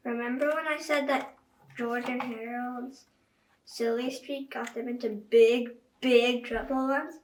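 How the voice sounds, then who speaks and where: A woman's voice: a little high, fairly even intonation, unhurried. A woman reading a children's book aloud, chatting directly to young listeners. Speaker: children's story reader. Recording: echoey room, voice far from mic.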